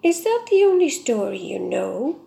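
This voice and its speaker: A sneering storybook rat, blunt and dismissive, with a lowered, scoffing voice, as a woman puts him on. He cares only for food and has no patience for stories. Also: sing-song, normal speed, vocal fry, dark tone, full character voice. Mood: scornful. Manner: contemptuous, blunt.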